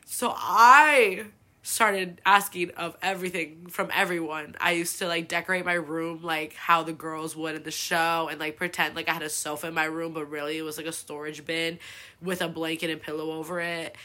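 Woman, 20s, from California, podcast host. Confessional, profane, filler-heavy storyteller with a low, bright voice. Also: flat delivery, normal speed. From El Sobrante, California.

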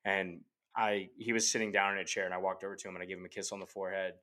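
Low, fast-talking bright man. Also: little pitch movement. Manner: rambling, heavy use of "like" fillers, earnest. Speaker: podcast guest. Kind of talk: casual storytelling. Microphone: remote call microphone.

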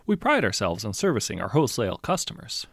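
A man voicing a smooth, polite salesman with a quietly menacing manner. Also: fairly low pitch, huge pitch swings, quick pace, dry recording, studio quality, heavily acted. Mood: pleased. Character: smooth sinister male salesman of death.

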